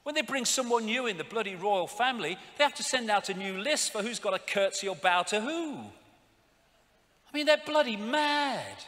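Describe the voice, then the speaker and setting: A man giving an animated, sarcastic live lecture with slides, swearing often. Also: high voice, moderate pace, long reverb tail. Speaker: public speaker.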